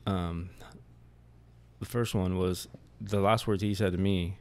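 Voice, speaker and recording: Gravelly low-voiced man, plainspoken. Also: steady tone, slow pace. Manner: blunt, plainspoken storytelling. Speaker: podcast guest. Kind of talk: candid conversation about grief.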